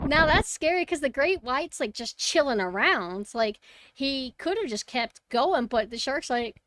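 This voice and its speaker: A woman streamer talking casually to her viewers, excitable and swearing freely. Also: high-pitched, measured pace, noisy background. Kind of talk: casual live-stream commentary. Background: game music.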